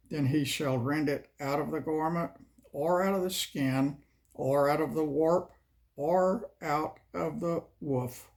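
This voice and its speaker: A man reading scripture slowly and measuredly, then chatting casually as host. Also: fairly high pitch. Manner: slow, measured delivery. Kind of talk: Bible reading and casual chat.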